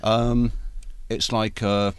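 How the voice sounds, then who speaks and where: A man's voice: on the low side, level tone, extremely slow, smooth, dry recording. A man, an actor co-hosting a podcast, chatting casually and repeating words as he searches for them. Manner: stammers, repeats words often. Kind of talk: casual chat.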